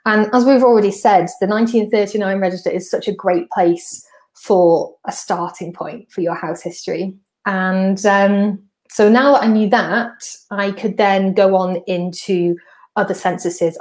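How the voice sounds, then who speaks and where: A chatty woman from North Wales hosts a podcast, talking through a walkthrough at mid pitch. She explains things step by step in an easygoing, conversational way. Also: steady tone, normal speed, darkish tone. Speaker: podcast host. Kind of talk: casual explanatory walkthrough of slides.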